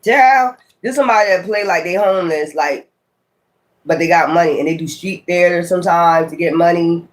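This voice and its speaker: A man's voice: on the high side, steady tone, normal speed. A man, giving a casual tarot reading, musing aloud with sudden exclamatory asides. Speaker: tarot reader.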